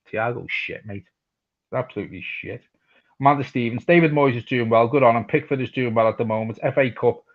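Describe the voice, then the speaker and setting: Male Scouse fan-channel host, mid-pitched, laid-back and blunt, reads live comments; muffled stream sound. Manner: casual, swears freely, reads chat messages aloud. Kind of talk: live match watch-along chat.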